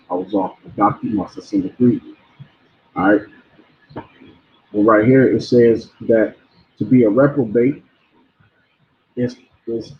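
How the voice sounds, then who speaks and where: A man giving an informal sermon, blunt and preachy, often repeating words and stumbling over them. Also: mid-range voice. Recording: tinny phone-like sound.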